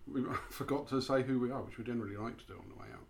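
A man's voice: mid-range voice, racing, gravelly. A man co-hosting a local podcast, chatting casually with a dry, understated manner. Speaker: podcast co-host. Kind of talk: casual chat.

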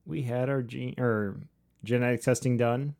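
A man's voice: mid-range voice, fairly even intonation, normal speed, gravelly, a little mellow. A man in his forties co-hosting a podcast, adding details and dry asides in casual chat. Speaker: podcast co-host.

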